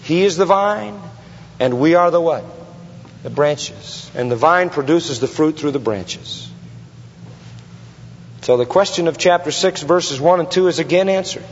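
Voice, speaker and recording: Slow, emphatic man preaching in an echoing hall. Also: on the high side, expressive, slight background noise. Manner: emphatic, rhetorical questions to the congregation, heavy repetition. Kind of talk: expository sermon. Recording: long hall reverb, dull lo-fi sound.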